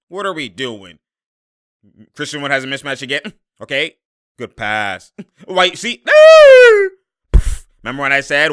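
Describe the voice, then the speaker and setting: A young man reacting live to a basketball game, exasperated and slangy, laughing and shouting at the plays. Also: mid-range voice. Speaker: sports commentator reacting to a game.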